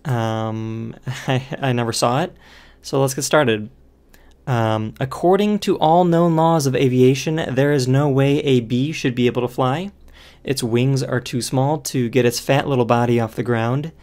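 A man's voice: medium pitch, fairly even intonation, moderate pace, darkish tone. A man reading a film script aloud in one take, in a plain, unexaggerated tone, stopping now and then for dry remarks on the text. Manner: stumbles and stops to remark on the text. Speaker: online video host.

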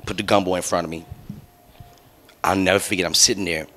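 A man's voice: low-pitched, steady tone, quick pace, fairly bright tone. A young adult man hosting a podcast. He tells a long story in loose, profane, laughing chat and acts out the other people's lines. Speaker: podcast host.

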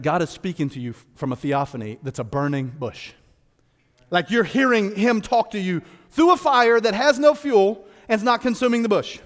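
A man preaching a sermon as pastor, animated and playful, slipping into casual voiced asides. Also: high-pitched, long reverb tail. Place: church sanctuary.

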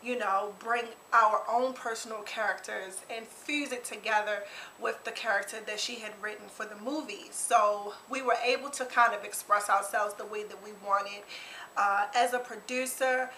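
A woman speaking as a producer in an interview, earnest and thoughtful, pausing with fillers. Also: medium pitch, steady tone, pushed and bright, echoey room, slight background noise, poor audio. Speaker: producer and cast member. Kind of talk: on-set interview.

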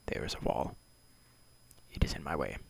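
A man talking to himself in deadpan, mock-solemn mutters and half-whispers while playing a video game. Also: moderate pace, rough recording. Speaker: gamer playing a block-building game.

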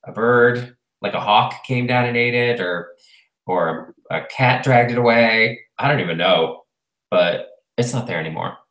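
A man's voice: mid-range voice, a little slow, fairly bright tone. A man co-hosting a casual talk show, chatting and rambling with lots of fillers. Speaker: podcast co-host. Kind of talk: casual chat. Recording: roomy echo.

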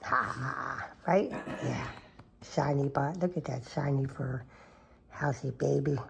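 Cat mom, low husky voice, cooing and whispering pet talk at home. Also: female voice, steady tone, measured pace. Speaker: cat owner filming her cats. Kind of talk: casual baby talk to pets. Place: home, at a table with coffee.

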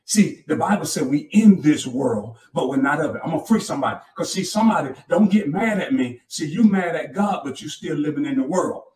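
A man's voice: on the high side, expressive, brisk, hardly any pauses, darkish tone. A pastor in his fifties preaching a sermon with fervent call-outs to the congregation and folksy, colloquial storytelling. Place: church sanctuary. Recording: roomy church hall, mic from far off.

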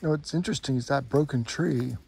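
Hushed man in night woods. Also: mid-range voice, brisk, gravelly, breathy edge. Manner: hushed, pointing things out to the group. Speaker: bigfoot researcher. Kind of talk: casual field talk.

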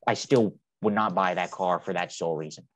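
A man in a casual car chat, telling stories in a relaxed way. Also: low voice, brisk, noisy background.

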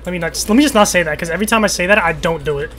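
A young man streaming a team shooter game, trash-talking his friend with crude jokes and sudden excited yells. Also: sits high, very fast, a little hiss or hum. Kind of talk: casual gaming chat.

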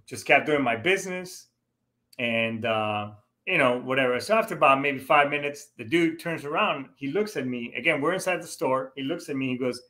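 A man's voice: medium pitch, moderate pace, pushed and bright. A middle-aged man and Marine veteran telling a personal story to his viewers in a casual, rambling way, full of "you know" fillers and restarts. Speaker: show host, Marine veteran.

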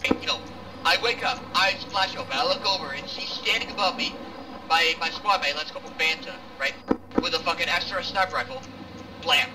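A young man telling a rambling, profane war story in casual voice chat over loud vehicle noise. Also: high-pitched, far from the mic. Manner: rambling, profane, fast and animated. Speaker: milsim squad member telling war stories.

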